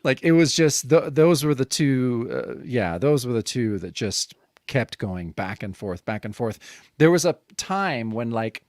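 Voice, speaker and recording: A man's voice: medium pitch, expressive, measured pace, no room sound, clean studio sound. A man co-hosting a podcast, rambling and laughing, swearing now and then in casual chat. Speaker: podcast co-host.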